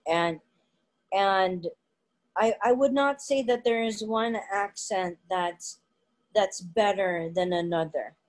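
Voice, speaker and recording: A woman co-hosting a vlog for English teachers, talking in a relaxed, conversational way and repeating words as she thinks. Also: medium pitch, takes it slowly, rough recording. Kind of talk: casual panel discussion.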